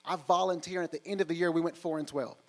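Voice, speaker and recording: A man in his forties giving a humorous storytelling talk on stage, animated and acting out other people's voices. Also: on the high side, fast, low-quality recording. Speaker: keynote speaker. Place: on stage before a live audience.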